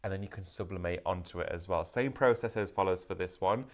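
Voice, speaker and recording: A man's voice: low-pitched, quick pace. A man hosting a live craft shopping show, in an upbeat, salesy patter.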